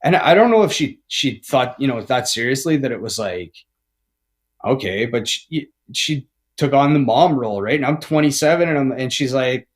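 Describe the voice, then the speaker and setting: A man's voice: mid-range voice, animated, normal speed. Rambling, foul-mouthed man telling his story. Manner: heavy swearing, tags lines with "right?" and "man"; rambling with frequent restarts. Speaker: podcast guest. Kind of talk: candid recovery storytelling.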